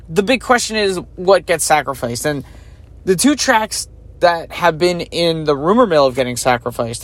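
A man's voice: fairly high pitch, no room sound. Chatty opinionated man, dry close sound. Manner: chatty and opinionated, thinking aloud with fillers. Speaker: podcast host. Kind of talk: casual solo commentary.

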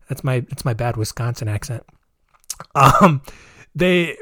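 A man's voice: on the high side, no room sound, studio quality. A young man casually retelling a true-crime story, chatty, with fillers and personal asides.

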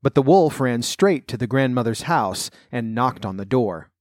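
A man calmly narrating a fairy tale in a measured storybook reading. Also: medium pitch, no echo, studio quality.

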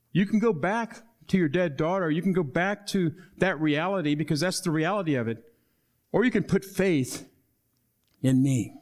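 A male pastor preaching a sermon, acting out Bible dialogue and dropping to soft low tones for emphasis.

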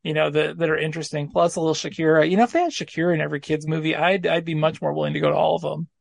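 A man's voice: on the high side, fairly even intonation, racing, vocal fry, dry recording. A man hosting a podcast in casual, jokey chat, laughing often. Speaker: podcast host.

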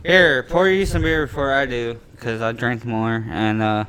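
A man co-hosting a podcast in casual chat, joking and riffing with quick laughs. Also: mid-range voice, steady tone, fairly bright tone, clear, resonant tone. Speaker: podcast co-host.

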